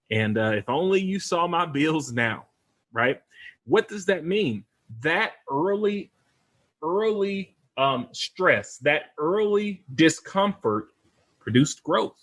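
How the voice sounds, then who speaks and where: A husky-voiced man talks straight to his listeners in a motivational podcast. His pitch sits a bit high and leaps around with lively energy, in the rhythm of a pep-talk preacher. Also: slow pace. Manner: animated, preacher-like, addresses listeners as y'all. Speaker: podcast host and real estate investor.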